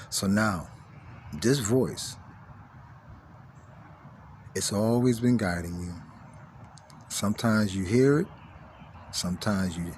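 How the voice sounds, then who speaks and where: A man giving a spiritual teaching monologue, repeating key phrases and swinging between hushed lines and forceful emphasis. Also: low voice, a little hiss or hum.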